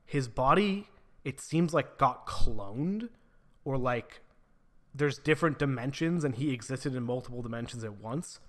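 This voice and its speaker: A man's voice: mid-range voice, lively intonation, measured pace. Male book reviewer, mid-range voice, casual and profane, heavy on filler words. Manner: casual, swears freely, many filler "like"s.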